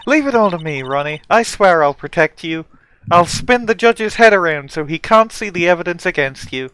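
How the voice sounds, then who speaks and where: A man's voice: high-pitched, expressive, moderate pace, a bit bright, slight background noise, low-quality recording. A man voicing a sweet-talking, scheming woman who is secretly a thief, in a fan voice dub. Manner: sugary, playfully menacing.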